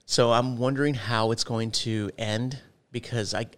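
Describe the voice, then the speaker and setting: A man co-hosting a podcast, telling stories in a rambling, animated way. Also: medium pitch, a little slow. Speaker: podcast co-host. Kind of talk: casual chat.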